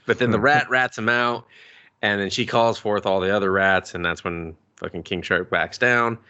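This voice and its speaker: A man co-hosting a podcast, recapping a film in casual, profane chat and jumping up high in pitch for jokes. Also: fairly even intonation, normal speed, pushed and bright, smooth, dull audio. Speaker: podcast co-host. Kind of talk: casual movie review chat.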